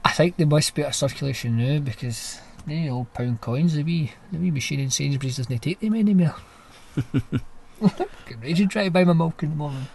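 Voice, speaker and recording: A man's voice: fairly high pitch, moderate pace, vocal fry, a little mellow, slight background noise, rough recording. A Scottish man co-hosting a casual podcast, bantering, swearing and laughing easily. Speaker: podcast co-host. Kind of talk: casual chat.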